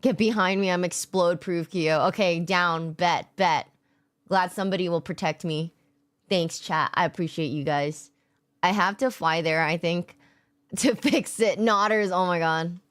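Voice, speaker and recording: A woman's voice: fairly low pitch, a little slow, a bit bright. A woman streamer chatting casually with her viewers after work, tired, loose and giggly, swearing freely and greeting chatters by name. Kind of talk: casual chat with live viewers.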